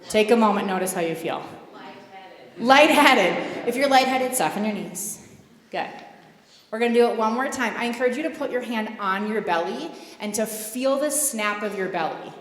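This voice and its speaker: A woman leading a group through yoga poses and breathing exercises, giving calm, gently inviting cues and encouragement. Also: mid-range voice, fairly quick. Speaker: yoga guide at a spiritual center. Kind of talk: guided movement and breathing instruction. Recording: roomy hall reverb.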